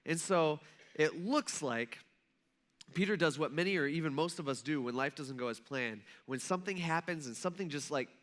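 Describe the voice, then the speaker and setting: Speaking at a fairly high pitch with a pushed, bright quality, a male pastor gives a sermon that feels like casual conversation. He narrates loosely, voices the story's people himself, and leans on "kinda" and "like."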